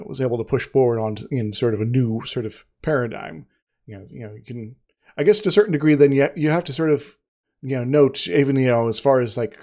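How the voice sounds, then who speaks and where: A man's voice: mid-range voice, a little mellow. Rambling, hesitant man in casual talk. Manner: hesitant, many fillers and restarts, rambling. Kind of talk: casual discussion.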